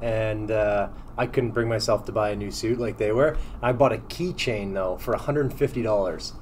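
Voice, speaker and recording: A man's voice: lowish voice, moderate pace, darkish tone, a little hiss or hum. A man co-hosting a podcast, who used to play hockey, asking questions in an easygoing, chatty way and laughing often. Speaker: podcast co-host, former hockey player. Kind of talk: casual podcast interview.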